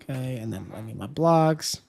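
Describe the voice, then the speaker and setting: A live streamer chatting casually with viewers while playing, counting steps aloud and breaking into loud, dismayed outbursts when things go wrong. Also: mid-range voice, animated, normal speed, gravelly, a little hiss or hum.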